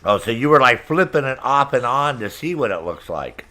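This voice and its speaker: A man's voice: mid-range voice, big pitch swings, moderate pace, sharp tone. Brash, profane man streaming games. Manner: profane, brash, laughs often. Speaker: gaming streamer. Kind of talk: casual chat with stream viewers.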